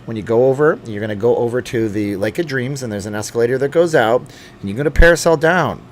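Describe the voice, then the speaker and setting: A man's voice: mid-range voice, fast, slight background noise. A middle-aged man hosting a casual late-night livestream from home, reading viewer comments aloud and joking with asides. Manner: chatty and joking, thinks aloud with fillers and asides. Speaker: channel host answering live chat.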